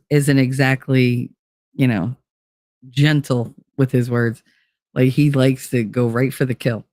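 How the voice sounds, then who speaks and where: A woman in her forties hosting a show, telling personal stories casually and acting out the quotes with big jumps in pitch. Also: no echo, clean studio sound. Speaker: podcast host. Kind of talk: casual storytelling monologue.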